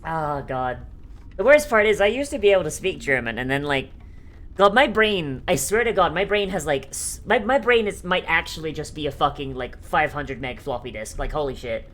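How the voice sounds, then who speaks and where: A woman's voice: sits low, expressive, moderate pace, fairly bright tone. A young adult woman streaming, chatting casually in a rambling, profane way with many fillers and frequent laughter. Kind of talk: casual live-stream chat.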